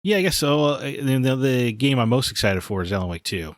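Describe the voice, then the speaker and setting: A man's voice: mid-range voice, lively intonation, brisk, no room sound, studio quality. A man co-hosting a gaming podcast, talking in blunt, opinionated casual chat. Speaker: podcast co-host.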